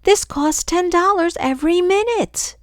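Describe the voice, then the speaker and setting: A woman's voice: sits low, huge pitch swings, takes it slowly, gravelly, a bit bright, no room sound, studio quality, heavily acted. An older woman voicing a frantic little girl in a storybook read-aloud, shrieking and panicky.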